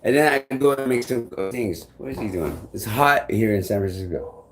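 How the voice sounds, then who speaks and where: A man with a somewhat low voice talks straight to his vlog audience. He rambles through a personal story, loops back on himself with "I'm like," swears casually and chuckles along the way. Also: moderate pace, a little hiss or hum. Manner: meandering, repeats "I'm like", swears freely, chuckles often. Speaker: vlogger.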